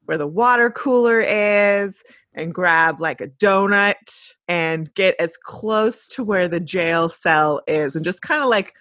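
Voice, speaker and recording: A woman's voice: on the low side, slow pace, fairly bright tone, no echo, studio quality. A woman playing a tabletop role-playing game, casually describing her character's actions. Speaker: player.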